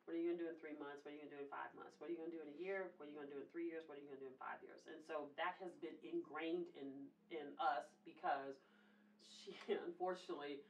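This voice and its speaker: A woman with a Southern American accent from the United States, hosting a talk show in casual interview chat, animated and emphatic and laughing often. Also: low voice, fast talker, recorded from a distance, a little hiss or hum, low-quality recording.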